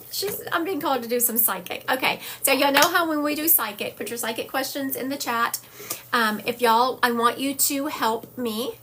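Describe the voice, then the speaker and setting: Female psychic medium host, mid-pitched, encouraging, speaks straight to viewers on a live stream from a computer, faint noise. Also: fairly bright tone. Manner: encouraging, talks directly to chat.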